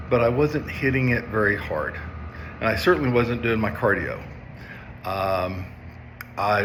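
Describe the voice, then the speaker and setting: A man's voice: medium pitch, noisy background. A man in his fifties, a substance abuse counselor, telling a personal story to viewers in a conversational way, often checking in with "okay?". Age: 50s.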